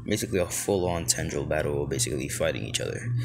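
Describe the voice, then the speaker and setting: Man, low-voiced rambling storyteller; outdoor phone take with clear noise. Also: fast. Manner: rambling, heavy on filler words. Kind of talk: improvised fan-story narration. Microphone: phone held close to mouth.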